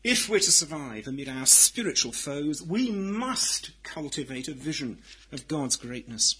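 A man preaching a sermon in a deliberate, emphatic way, swinging from loud declarations to hushed, quiet lines. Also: a little high, very animated, slightly rough, low-quality recording.

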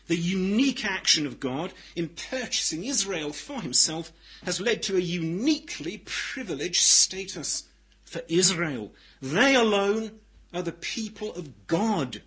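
A man delivers a sermon in a high, bright voice with a husky edge. He phrases each line deliberately and with emphasis, then swings from near-whispered passages up to ringing declarations. The tone stays bright even at its quietest. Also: low-quality recording. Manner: dramatic swings from loud declaration to hushed tones. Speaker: preacher.

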